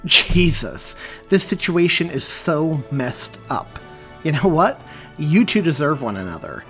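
A man's voice: fairly high pitch, wildly swooping pitch, moderate pace, soft background music, voice pushed up. A man voicing an exasperated, outspoken young woman in an audiobook reading. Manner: insistent, exasperated.

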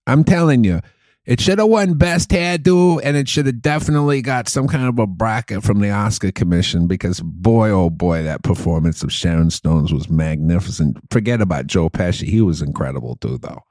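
A man's voice: on the low side, moderate pace, darkish tone, no room sound, studio quality, natural voice. A man doing a blustering Boston movie critic. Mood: blustery. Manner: rambling, gushing then dismissive verdicts.

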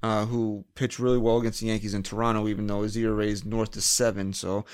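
A man's voice: fairly low pitch, level tone, fast talker, clean tone, no room sound, studio quality. A man hosting a casual sports podcast, chatting with his co-hosts and running through the upcoming schedule. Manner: runs the segments, reads the schedule. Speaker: podcast host.

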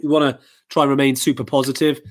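A man's voice: medium pitch, flat delivery, fast. A man co-hosting a live podcast, chatting casually with lots of fillers and restarts. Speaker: podcast co-host. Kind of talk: casual live-stream chat.

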